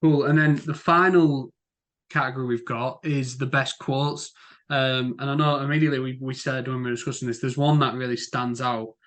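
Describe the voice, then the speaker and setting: Young guy, podcast co-host, casual and meandering, average pitch. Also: fairly even intonation, moderate pace, a bit bright. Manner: rambling, lots of "like" and "um" fillers. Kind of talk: casual film-review chat.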